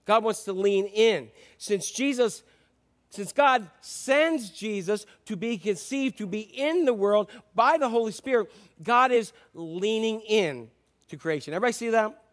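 A man's voice: sits high, lively intonation, measured pace. A middle-aged man, a pastor, preaching a sermon in a conversational way with asides and restarts.

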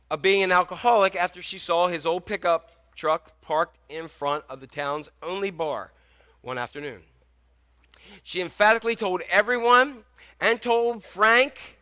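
The preacher, a man with a high, bright, forceful voice, keeps his sermon conversational, asking his congregation questions and weaving in anecdotes.

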